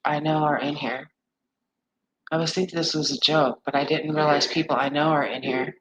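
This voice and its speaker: A woman's voice: deep voice, fairly even intonation, normal speed, background noise. A woman in her forties hosting a live stream, talking candidly and ramblingly with viewers and swearing freely. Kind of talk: casual chat with viewers.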